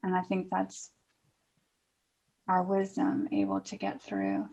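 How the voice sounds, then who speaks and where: A woman's voice: on the low side, big pitch swings, takes it slowly, a little mellow, rough recording. A woman co-hosting a podcast, responding in an affirming way to her guest. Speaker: podcast co-host. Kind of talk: supportive interview response.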